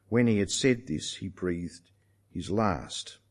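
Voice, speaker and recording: Animated male preacher. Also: on the low side, measured pace. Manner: animated, emphatic, rhetorical questions to the listeners. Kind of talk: sermon.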